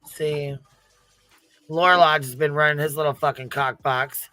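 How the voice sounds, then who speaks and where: A woman's voice: low-pitched, steady tone, unhurried, sharp tone, no room sound. A woman hosting a livestream, reacting to a clip with blunt, profane, mocking commentary. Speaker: host.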